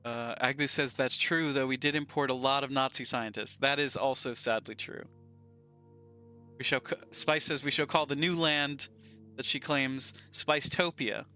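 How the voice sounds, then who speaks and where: A man's voice: mid-range voice, normal speed, pushed and bright, clean tone, faint music behind. A man with a Southern US accent streaming a game, reading chat aloud and bantering playfully.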